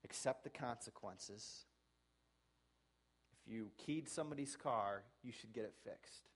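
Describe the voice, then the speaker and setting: Husky and lowish, a male pastor's voice moves at a measured pace through a sermon. He earnestly exhorts his listeners, ranging from soft to loud, and acts out example apologies conversationally.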